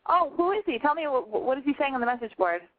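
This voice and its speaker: A woman hosting a call-in show, blunt, profane and excitable in casual chat. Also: sits high, fast. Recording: tinny phone-like sound.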